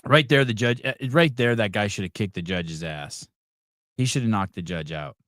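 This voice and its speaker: A man's voice: fairly low pitch, lively intonation, normal speed, loud music behind the voice. A man hosting a live podcast, reacting to videos in a blunt, profane rant. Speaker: podcast host.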